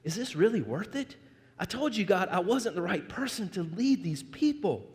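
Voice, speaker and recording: A man's voice: high-pitched, big pitch swings, moderate pace, a little mellow. A man acting out Moses as a whiny, self-doubting reluctant leader who pleads and complains. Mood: weary. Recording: reverberant church hall.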